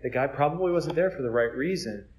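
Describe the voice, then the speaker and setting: Man, Catholic friar, informal preaching, middle pitch, rhetorical questions, restarts often. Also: lively intonation, quick pace, darkish tone. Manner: conversational, asks many rhetorical questions; repeats words as he restarts.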